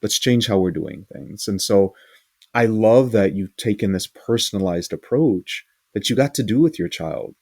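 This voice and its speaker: A man hosting an interview talks in a low, mellow voice, recorded dry and close. He is earnest and thoughtful, and often restarts a phrase as he works through his ideas. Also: expressive, moderate pace, vocal fry, no echo. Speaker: interview host, school leader. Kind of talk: casual interview talk.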